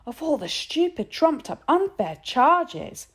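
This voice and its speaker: A woman's voice: medium pitch, very animated, moderate pace, creaky, a little mellow, pitched above the performer's own voice. A woman voicing an indignant, hot-headed schoolboy who bursts out sulkily and bitterly in a storybook reading. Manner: sulky, bitter outbursts.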